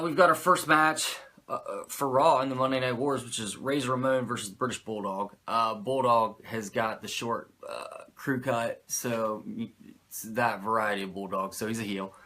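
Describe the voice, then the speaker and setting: A man who reviews wrestling shows in a loose, rambling way, swearing freely and mocking himself. His pitch swings widely and his voice has a bright edge. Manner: rambling, profane, self-mocking. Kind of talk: casual commentary.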